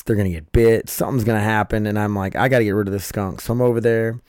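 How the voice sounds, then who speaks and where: Rambling through a casual late-night podcast monologue, the male host has a low, darkish, smooth voice strained by a scratchy throat. He swears and cuts himself off repeatedly, and the clean studio audio carries no room sound.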